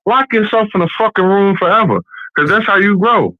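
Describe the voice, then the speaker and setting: A man's voice: sits high, a little fast, no room sound. A man ranting bluntly and with plenty of profanity in a casual podcast chat, calling in from a bathroom at home. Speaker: podcast guest. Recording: dull lo-fi call audio.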